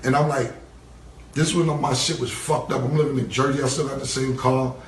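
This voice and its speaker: A man's voice: medium pitch, fairly even intonation, brisk, slight background noise. A man telling a long story in a casual interview, acting out what people said along the way. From New York. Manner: rambling, acts out quoted dialogue. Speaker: interview guest. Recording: roomy, distant-mic recording.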